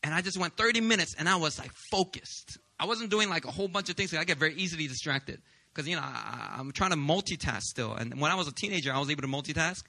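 A man in his thirties preaching a sermon as a pastor, telling lively, joking stories. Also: a little high, quick pace, creaky. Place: church service.

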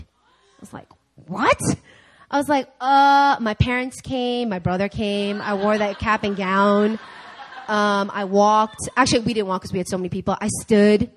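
Young woman preacher, lively storyteller who voices each person in her story. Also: mid-range voice, a little slow, slight background noise. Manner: animated storytelling, acting out dialogue in different voices. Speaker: speaker. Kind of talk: sermon storytelling. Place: church.

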